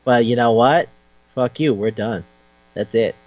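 A man co-hosting a casual podcast, retelling a manga with crude humor and quick quoted voices. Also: mid-range voice. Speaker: podcast co-host. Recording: dull lo-fi recording with hum.

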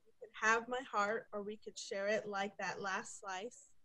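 A woman co-hosting a casual podcast, playful and quick to laugh. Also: mid-range voice, steady tone, pushed and bright. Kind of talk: casual chat.

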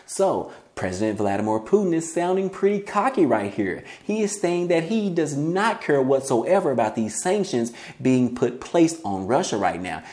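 A man's voice: medium pitch, a little mellow. A man hosting a finance news channel, reading news items and adding casual commentary, often addressing viewers as guys.

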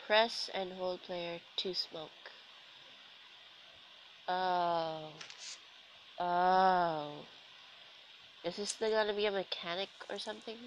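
Speaking slowly with long pauses, this young woman has a lowish, steady voice roughened by a sore throat from being sick. She's a gaming commentator doing casual let's-play talk, chatty and self-mocking with sarcastic remarks. There's a little hiss or hum on the rough recording.

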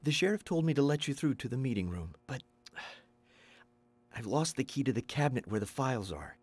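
Timid sheriff's assistant, stammering, soft, video game. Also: male voice, medium pitch, big pitch swings, fairly quick, slightly rough. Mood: nervous. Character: kind, nervous young sheriff's assistant.

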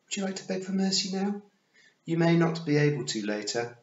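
A man's voice: on the high side, expressive, brisk, reverberant, highs cut off, voice pushed up, close to an everyday voice. A man playing an imperious fairy queen. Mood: menacing. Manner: imperious, sharp, demanding. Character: cold, petulant fairy queen, woman.

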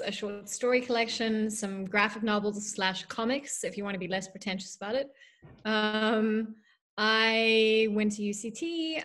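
A woman's voice: on the high side, a bit bright. A woman from South Africa with a mixed, drifting accent, chatting casually as an author guest over a video call, self-deprecating and full of fillers. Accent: mixed South African, drifting toward American and Irish. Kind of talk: casual interview.

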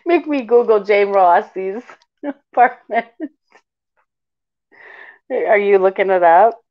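A woman's voice: medium pitch, slow pace. A woman co-hosting a casual chat who teases playfully and laughs often. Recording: dull lo-fi recording.

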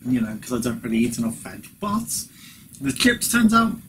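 A man talks through a home kitchen review in a loose, rambling way, leaning on "you know" between thoughts. His voice sits at an ordinary middle pitch. A steady background noise runs under the home recording. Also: normal speed, rough recording. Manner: rambling, chatty, frequent "you know" fillers; chewing while talking at times. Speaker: vlogger. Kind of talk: casual product review vlog.

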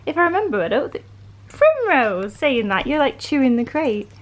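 A woman's voice: high-pitched, big pitch swings, normal speed. A young woman chatting casually in a home vlog, rambling with frequent ums. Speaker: vlogger. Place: home with puppies.

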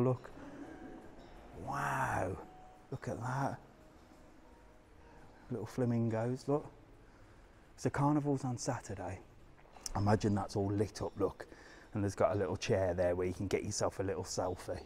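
A chatty man walks through a resort town talking to his live-stream viewers on a phone mic. His voice sits at an ordinary middle pitch, and he rambles loosely between asides, laughing easily as he goes. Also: moderate pace, vocal fry, long pauses, slight background noise. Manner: drops to a hushed whisper indoors. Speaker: travel vlogger streaming live. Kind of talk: casual live-stream walking tour. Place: outdoors in a resort town, walking.

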